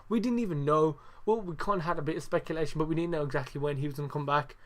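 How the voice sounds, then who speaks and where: Young man, podcast host, casual, sweary, ranting, slightly high voice. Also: very fast, few pauses. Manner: sweary, ranting, heavy on fillers. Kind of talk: casual wrestling review podcast.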